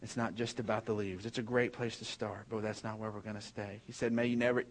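A man's voice: on the low side, flat delivery, fast talker. A man preaching a sermon as pastor, telling a funny personal story and then making an earnest point to the congregation.

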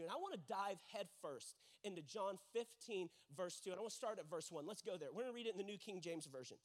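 A young man preaching a sermon as pastor, telling stories and acting out quotes with emphatic repetition. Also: high-pitched.

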